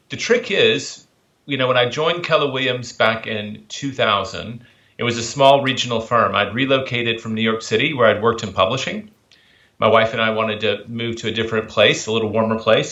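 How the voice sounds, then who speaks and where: A man with a light Southern US accent answers interview questions in an easygoing, unhurried way. His voice has a bright, forceful edge. The sound is dull and a bit lo-fi. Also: medium pitch. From Memphis, Tennessee. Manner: relaxed, easygoing, uses fillers. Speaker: author and publisher, guest.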